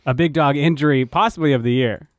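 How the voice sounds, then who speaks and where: A man's voice: medium pitch, fast, no echo. A man co-hosting a podcast in casual chat, joking and laughing often. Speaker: podcast co-host.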